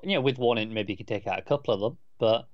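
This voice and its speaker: A man's voice: mid-range voice, quick pace, dry recording. A man co-hosting a podcast, chatting casually and wryly, chiming in with corrections. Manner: relaxed, wry, chimes in with corrections. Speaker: podcast co-host. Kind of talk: casual chat. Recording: slightly dull lo-fi mic.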